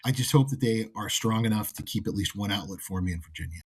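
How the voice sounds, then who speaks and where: A man from the American South co-hosts a relaxed trade podcast. His voice is husky and fairly low, and he talks in a joking, playfully dramatic way. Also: fast talker. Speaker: co-host. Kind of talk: casual podcast chat.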